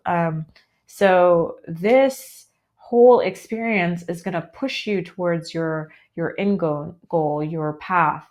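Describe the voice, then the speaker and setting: A tarot reader with an American accent gives a chatty, upbeat live reading, heavy with fillers like "um" and "like." Her voice is fairly low and she takes her time.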